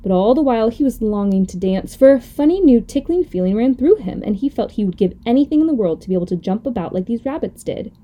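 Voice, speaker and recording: A woman host reading a children's story aloud gently and expressively. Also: a little high, lively intonation, quick pace, hardly any pauses, dull audio. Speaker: podcast host.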